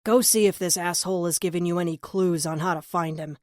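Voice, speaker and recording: A stern, protective police captain gives firm orders, voiced by a woman narrating an audiobook. The voice is fairly low, and the sound is close and dry. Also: steady tone, fairly quick, no room sound, close to an everyday voice. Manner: firm and commanding.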